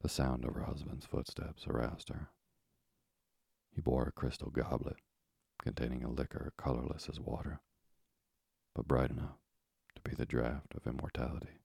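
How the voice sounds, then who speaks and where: A man narrating a classic story in a measured, hushed reading. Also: rumbling low, little pitch movement, creaky, breathy edge, no echo. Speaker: audiobook narrator. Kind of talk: literary narration.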